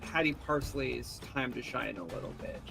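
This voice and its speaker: A man's voice: medium pitch, moderate pace, gravelly, over music. A man playing a tabletop game, narrating his character's actions in a rambling way full of fillers. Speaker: player.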